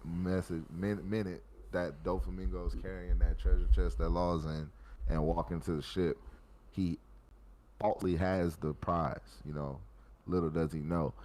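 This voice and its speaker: A man talking in a rambling, halting way with many fillers, as a podcast co-host in casual chat. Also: deep voice, darkish tone.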